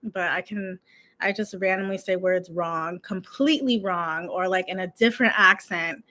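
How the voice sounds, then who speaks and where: A woman's voice: lowish voice, moderate pace, bright, forceful tone. A young woman from the United States, a YouTube coach, chatting in a rambling, giggly vlog style full of "like" fillers. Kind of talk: casual talking-head vlog.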